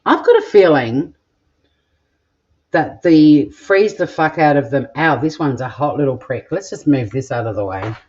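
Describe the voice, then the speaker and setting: Australian accent, cooking vlog chat, crude joking, rambling, mid pitch, muffled home recording. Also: expressive, a little slow, darkish tone. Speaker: home cook host. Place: home kitchen.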